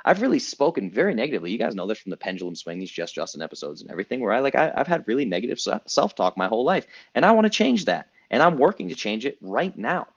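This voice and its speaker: A man's voice: mid-range voice, big pitch swings, fast, creaky, few pauses, husky, dull audio. A man in his thirties hosting a group coaching call, talking emphatically and casually, repeating himself for effect and swearing now and then. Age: 30s. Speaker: coach and podcast host.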